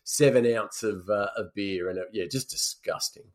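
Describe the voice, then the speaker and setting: Man with a low voice. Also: moderate pace. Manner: joking mock outrage. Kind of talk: casual film review chat.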